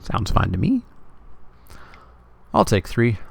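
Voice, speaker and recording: A man's voice: fairly low pitch, a little slow, gravelly. A Canadian man giving casual, wry live commentary as he plays a card game and jokes with his chat. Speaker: streamer.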